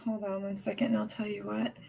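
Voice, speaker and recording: A woman ranting on her live stream, upset and agitated, talking in halting bursts with lots of restarts and swearing. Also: mid-range voice, flat delivery, vocal fry, dark tone, a little hiss or hum. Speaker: livestreamer. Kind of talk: casual live-stream rant.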